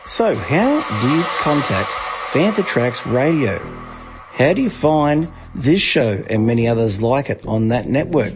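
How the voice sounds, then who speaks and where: A man with an Australian accent hosting a podcast in lively, jokey casual chat full of slang. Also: medium pitch, unhurried, music in the background. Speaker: podcast host.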